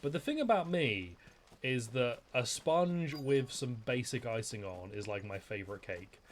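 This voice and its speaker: A man's voice: medium pitch, expressive, moderate pace, a little hiss or hum. A man, streaming a game and chatting in a joking, rambling way, with plenty of swearing. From England. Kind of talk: casual gaming commentary.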